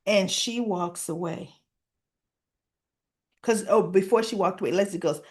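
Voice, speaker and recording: A woman's voice: mid-range voice, unhurried, long pauses. A woman giving a casual spoken recap of a soap episode, acting out the characters' lines and talking straight to her viewers. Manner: animated, acts out quoted lines, talks to viewers. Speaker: soap opera recap vlogger.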